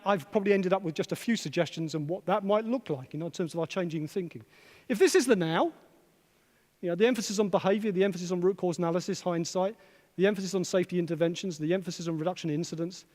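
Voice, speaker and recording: A man's voice: sits high, darkish tone. A man who is a psychologist giving a conference keynote, challenging the audience with rhetorical questions and repeated phrases. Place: conference hall. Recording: long reverb of a hall.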